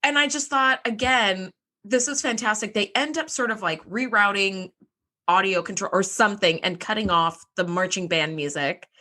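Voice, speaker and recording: A woman co-hosting a podcast, recapping an episode in casual, animated chat, swearing and acting out the characters' lines. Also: medium pitch, normal speed. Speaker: podcast co-host.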